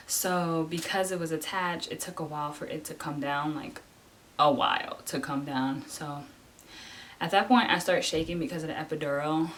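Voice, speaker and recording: A young woman vlogger telling a personal story in a casual way, animated, often saying "like" and acting out what others said. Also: deep voice, slight background noise. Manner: animated, acts out voices of nurses and husband; fills talk with "like".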